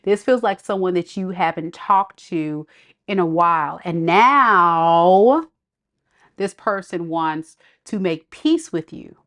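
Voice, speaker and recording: A woman's voice: on the low side, takes it slowly, fairly bright tone. A woman giving a casual tarot reading, chatty, blunt and sassy with her viewers. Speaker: tarot reader.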